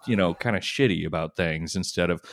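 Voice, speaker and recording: A man co-hosting a podcast in casual comedic chat, with dry, deadpan irony. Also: low voice, brisk. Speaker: podcast co-host.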